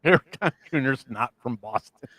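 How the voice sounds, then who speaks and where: A Midwestern American man co-hosts a podcast, talking at a medium pitch and a fairly quick clip with no echo. It's casual chat: he rambles, pokes fun at himself, and stays animated.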